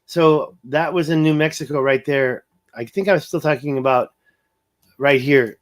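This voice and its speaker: At a normal speed and with a fairly high pitch, a man hosts a casual livestream, rambling and thinking aloud. He pans over a map while reading his viewers' comments.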